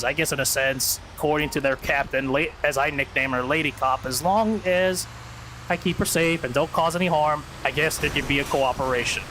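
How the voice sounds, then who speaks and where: A man streaming, casually telling a rambling story to his chat. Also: medium pitch. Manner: rambling, restarts, addresses chat. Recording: air-conditioner hum behind.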